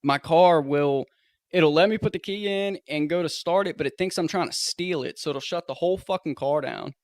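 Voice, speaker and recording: Smooth-voiced man explaining matter-of-factly. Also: on the high side, moderate pace, no room sound. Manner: matter-of-fact, explains things plainly, swears casually. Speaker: podcast co-host. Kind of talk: casual chat.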